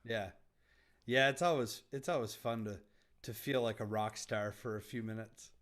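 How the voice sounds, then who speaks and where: A man's voice: on the low side, fairly even intonation, normal speed, fairly bright tone. A man hosting a casual chat, agreeable and prompting his guest with short replies. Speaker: show host.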